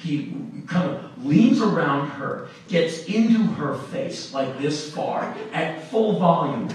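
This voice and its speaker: A man's voice: fairly high pitch, slow. Middle-aged man, live stage storytelling; distant, very roomy, noisy background. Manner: animated, laughs through his telling. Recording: echoey room from far off with noise.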